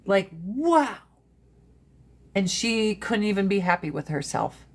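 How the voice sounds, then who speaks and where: A woman's voice: medium pitch, big pitch swings, slow pace. A woman in her forties chatting on a live stream, swearing freely, laughing often and mimicking her family in funny voices. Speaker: livestream host. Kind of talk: casual chat on a live stream. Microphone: phone.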